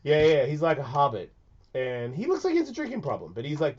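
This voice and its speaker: A man hosts a radio show while sick, rambling and swearing as he drops to a mumble, then rises to a shout. His voice sits a bit high. The sound is dull and lo-fi. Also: huge pitch swings, fast. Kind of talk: casual radio chat.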